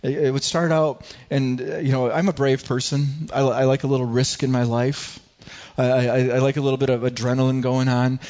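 A male pastor preaching a sermon, animated and telling a personal story with frequent stammered restarts. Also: medium pitch, moderate pace, dull audio.

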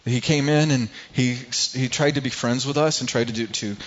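A man preaching a sermon, telling a personal story in a halting way, often repeating words and growing quiet at painful moments. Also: medium pitch. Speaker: pastor. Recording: slightly dull lo-fi sound.

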